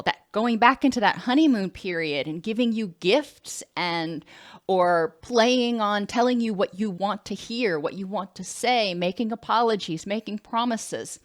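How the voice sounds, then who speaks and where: Woman, counselor, conversational lecture, middle pitch, corrects herself, dry close sound. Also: dry recording. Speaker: licensed counselor.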